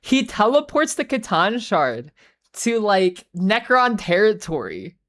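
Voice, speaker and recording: A woman's voice: medium pitch, very animated, takes it slowly, a bit bright. A woman streaming live, chatting casually in a rambling, filler-heavy, profane way while greeting viewers. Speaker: livestreamer. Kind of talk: casual chat.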